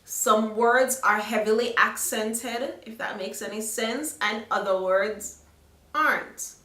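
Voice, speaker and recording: A young Jamaican-accented woman chats frankly to her viewers, her voice bright and forward. She talks casually and checks in with them often. The sound is roomy and a little distant from the mic. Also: a little high, takes it slowly. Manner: chatty, frank, asks the viewers "okay?". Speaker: vlogger. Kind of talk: casual advice chat to camera.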